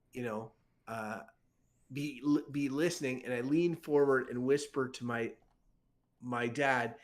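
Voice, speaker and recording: A tabletop game player describing his character's actions, halting and laughing often. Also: mid-range voice.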